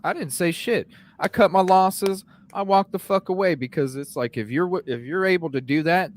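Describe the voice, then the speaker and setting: Male podcast host, angry profane rant, lively pitch. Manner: profane, animated, repeats "you know what I'm saying". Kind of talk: heated live-stream rant.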